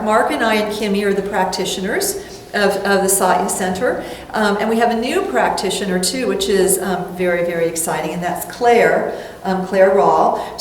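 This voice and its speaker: A woman's voice: on the high side, slight background noise. A middle-aged woman giving a sermon as a minister, telling stories and acting out her own self-talk with light laughter. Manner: warm storytelling with playful acted-out self-talk and laughter. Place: church hall. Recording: echoey hall from far off.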